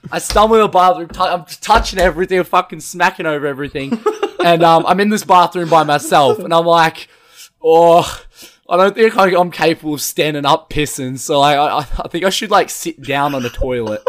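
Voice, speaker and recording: A young man with a fairly high voice tells a chaotic party story among friends. He rambles and swears freely. He speaks in a casual, animated chat tone. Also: fairly quick. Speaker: podcast co-host telling a story.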